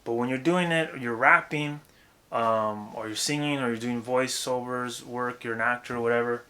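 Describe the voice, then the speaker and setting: A young man giving a casual, profane, rambling lesson on vocal technique, breaking into loud demonstrations. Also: mid-range voice, fairly even intonation, normal speed. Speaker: vocal coach.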